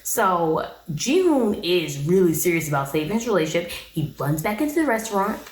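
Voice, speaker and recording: A woman's voice: on the low side, sing-song, normal speed, reverberant, rough recording. A woman giving a casual, blunt, sassy recap of a reality show, talking straight to her viewers.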